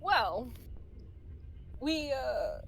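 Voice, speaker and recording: A woman voices her character in a tabletop game, halting and polite. Her pitch moves a lot from phrase to phrase. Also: big pitch swings, creaky, a bit bright, a little hiss or hum, rough recording. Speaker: player.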